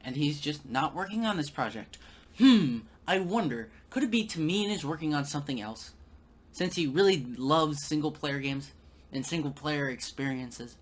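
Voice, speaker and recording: A man's voice: a little high, lively intonation, normal speed. Sarcastic stammering male commentator. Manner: sarcastic, stammering, repeating words. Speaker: video commentator.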